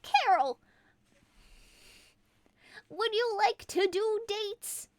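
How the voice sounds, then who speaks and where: A woman's voice: extremely high pitch, extremely slow, no room sound, pitched above the performer's own voice, heavily acted. A woman voicing a hapless, eager little male elf in a comic storybook reading. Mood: squeaky.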